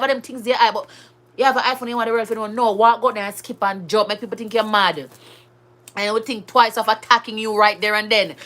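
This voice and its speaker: A woman's voice: a little high, steady tone, quick pace, fairly bright tone. A Jamaican woman with children of her own, talking to her viewers in a chatty, emphatic way and slipping between patois and standard English. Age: adult with school-age children. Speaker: vlogger. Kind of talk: casual monologue to camera.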